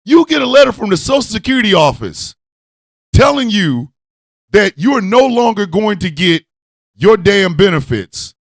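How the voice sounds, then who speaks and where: Guy hosting a radio show, keeps cracking himself up, swears a lot, high voice, very dry sound. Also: very animated, moderate pace, no echo. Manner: cackling laughter, profane, rambling. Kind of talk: loose comedic rant with chat.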